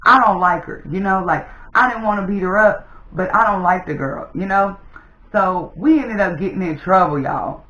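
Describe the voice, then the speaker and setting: A young adult woman, a mother, casually telling a personal story to her viewers in an animated way. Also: medium pitch, normal speed, echoey room, poor audio. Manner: animated, addresses viewers as "y'all". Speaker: storytime vlogger.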